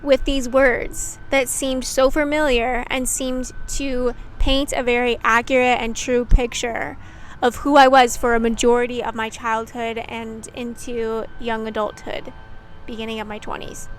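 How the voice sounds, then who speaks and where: Speaking at a measured pace with a level tone, a young woman who creates YouTube videos reflects candidly to camera. Her voice is fairly high, and her talk rambles, full of "like" with some casual swearing. Slight background noise can be heard.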